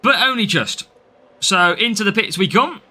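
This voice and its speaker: A young man with a Midlands accent commentates his mobile racing game live, talking casually to his viewers and welcoming them one by one. His voice is very bright and sharp, and it sits a little high for a man. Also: animated, normal speed. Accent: English Midlands. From English Midlands. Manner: chatty, reads out and answers viewer names. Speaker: game streamer.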